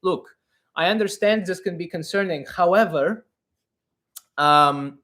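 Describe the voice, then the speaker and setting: A man in his thirties, with a fairly high voice and a slightly slow pace, hosts a live comedic advice stream. He holds a deadpan persona with broken English, and his delivery rambles with fillers and restarts.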